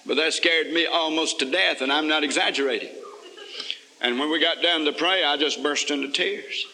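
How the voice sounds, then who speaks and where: Fervent preacher man, bright and echoey. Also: a little high, moderate pace. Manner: rhythmic, repetitive preaching cadence. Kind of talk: revival sermon. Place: large church hall. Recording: 1982 revival recording in a reverberant hall.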